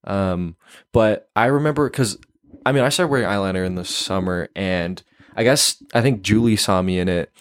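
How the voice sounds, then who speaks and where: A man's voice: low voice, moderate pace, no echo. A young man, a podcast guest, chatting casually and hedging his words with many restarts. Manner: hesitant, hedging, restarts a lot.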